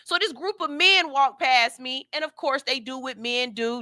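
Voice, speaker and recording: Bright-voiced woman radio host. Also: high voice, moderate pace, hardly any pauses, dry recording, studio quality. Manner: animated, candid and slangy storytelling. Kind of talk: casual morning radio talk. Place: radio studio.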